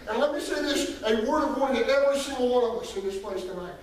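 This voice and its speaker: Heard distantly in an echoing sanctuary, this associate pastor has an extremely high, animated voice and talks fast, with a little hiss or hum on the recording. He tells folksy stories, names congregation members, and shifts between shouts and very soft near-whispers.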